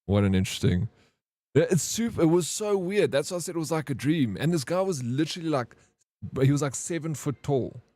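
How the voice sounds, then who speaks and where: A man's voice: fairly high pitch, expressive, fairly quick, warm tone, no echo. A man, chatting casually with viewers on a live stream and rambling through stories full of slang. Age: 30s. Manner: rambling storyteller, slangy, says "bro" often.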